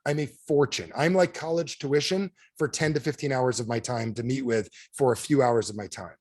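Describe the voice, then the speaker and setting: A man's voice: mid-range voice, normal speed, darkish tone, no echo, studio quality. A man giving a motivational talk on a video call, telling stories and firing frequent questions at his audience. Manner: storytelling, peppered with audience questions. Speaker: sales trainer.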